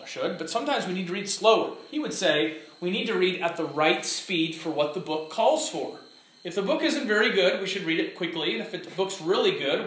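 A man teaching a class in a lively, illustrative way, acting out quotes and examples as he explains. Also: high voice. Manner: animated, illustrative, acts out quotes. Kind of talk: classroom lecture. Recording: echoey room with faint background noise.

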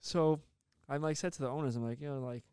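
A young man, animated and swearing a lot as he tells a story in casual podcast chat. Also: a little high, a little fast, smooth, no room sound, clean studio sound. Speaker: podcast co-host.

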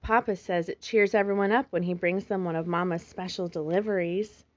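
Small girl fox kit, woman storyteller voicing her, soft, childlike, pouting, slightly dull recording. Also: fairly low pitch, steady tone, fairly quick, close to an everyday voice. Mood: worried.

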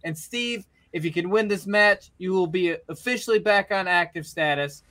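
A man's voice: high voice, moderate pace, bright, forceful tone. A man voicing a smug, controlling male wrestling company boss who lays down orders.

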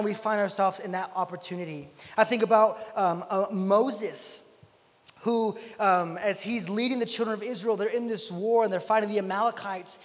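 A man preaching from the pulpit with a high-pitched voice. He tells the story with lively, casual energy and slips into quick voices for the characters. His words ring out with the long reverb of a large hall. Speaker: pastor. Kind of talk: sermon.

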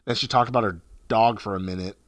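Young male podcast co-host, bright voice, dry sound, crude storytelling with sudden high yelps. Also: fairly even intonation, fast, no echo. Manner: swearing, retelling texts, jumpy pitch. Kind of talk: crude casual chat.

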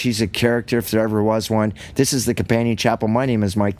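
A man with a fairly low voice leads a homespun Bible study podcast. He reads scripture, then explains it in plain, folksy talk with joking asides. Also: little pitch movement, fast, hardly any pauses, darkish tone. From Canada. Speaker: podcast host and lay preacher. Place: rural home, indoors.

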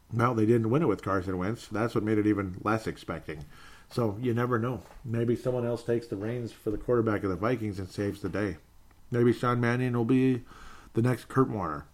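A man hosting a sports talk show, reading out viewer comments in a relaxed way and chuckling now and then. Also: on the low side. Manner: relaxed, chuckles often, trails off and restarts. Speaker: podcast host.

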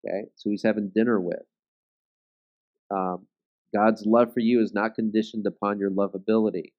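A man's voice: lowish voice, flat delivery, normal speed, highs cut off. A man leading a Bible study, teaching in a conversational way and often checking in with his listeners.

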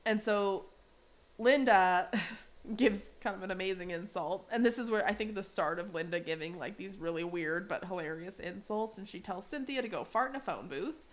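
A woman's voice: medium pitch, normal speed. A woman hosting a podcast, casually recapping a cartoon episode in a chatty way, with frequent laughs and fillers. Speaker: podcast host.

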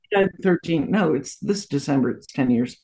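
A woman's voice: deep voice, expressive, normal speed. A woman in her sixties, a guest in an interview, telling family stories anecdotally with frequent asides. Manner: warm anecdotal storytelling with frequent laughs and asides. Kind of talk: storytelling interview.

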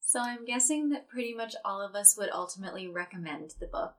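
A woman's voice: medium pitch, animated, quick pace, fairly bright tone. Inquisitive woman chatting about books. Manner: inquisitive, frequent fillers. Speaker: book club member. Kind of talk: casual chat.

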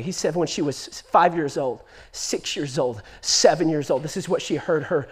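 A male pastor preaching a sermon, emphatic and full of repetition, moving between loud urgent lines and hushed ones while telling a story. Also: high-pitched, fairly quick, few pauses, husky. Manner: emphatic, repeats "listen to me", swings from loud to hushed; animated storytelling, acts out quoted voices.

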